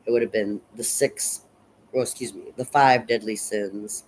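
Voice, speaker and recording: A man's voice: lowish voice, steady tone, a little slow, a little hiss or hum, rough recording. Rambling man recapping a horror film. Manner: rambling, many fillers and restarts, casual swearing. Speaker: film reviewer. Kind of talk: casual movie recap and analysis.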